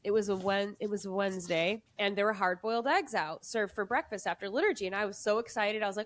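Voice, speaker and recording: A woman hosting a podcast, chatting casually and telling an excitable story in quick bursts. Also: mid-range voice, no echo. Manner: excitable, rapid storytelling with voices. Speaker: podcast host. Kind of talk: casual conversation.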